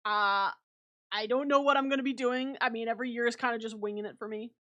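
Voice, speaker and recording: A woman's voice: fairly high pitch, fairly even intonation, quick pace, fairly bright tone, highs cut off. Chatty young woman streamer. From a small remote place. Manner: rambling, grateful, many fillers and restarts. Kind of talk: casual stream sign-off chat.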